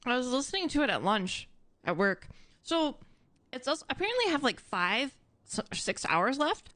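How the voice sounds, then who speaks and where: A woman live-streaming casual chat to her audience, animated and admittedly dramatic. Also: sits high, moderate pace, dry recording. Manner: animated and self-described dramatic.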